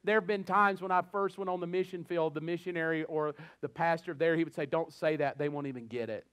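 Animated Southern pastor preaching a sermon. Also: male voice, on the high side, fairly quick, smooth, no room sound. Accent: Southern American. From American South. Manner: animated, acts out little scenes and voices; repeats words when starting a thought. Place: church.

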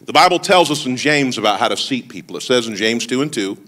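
Lively, bright-voiced preaching man. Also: mid-range voice, fast. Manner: lively preaching with call-and-response to the congregation; humorous storytelling asides. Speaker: lead pastor. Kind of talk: sermon. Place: church service.

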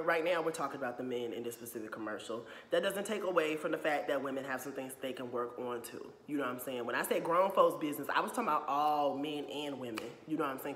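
A young adult YouTuber with a fairly high, fairly bright voice delivers a casual opinion rant that's blunt and profane, punctuated repeatedly by "you know what I'm saying." The space is echoey with long reverb.

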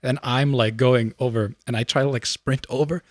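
A young man in his twenties telling a funny story in casual chat, animated and laughing often. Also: normal speed, dry recording, clean studio sound. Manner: animated, laughing, shrieks in high voice when reenacting screams.

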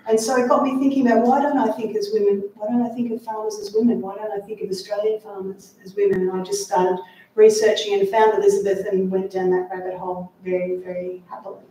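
A woman author speaking to a library audience, lively and chatty with wry asides, recorded from far off in an echoey room. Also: medium pitch, fast talker, slight background noise. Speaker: author giving a library talk. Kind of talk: talk and audience Q&A.

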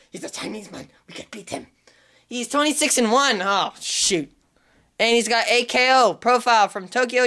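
A young woman giving casual gameplay commentary on her channel, excitable and trash-talking the opponents. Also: medium pitch. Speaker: gaming channel host.

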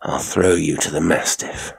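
A man playing a sinister middle-aged country gentleman who talks in a soft, coaxing manner. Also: rumbling low, steady tone, unhurried, gravelly, slight background noise, exaggerated voice. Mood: menacing. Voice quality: soft, oily and coaxing, turning menacing.

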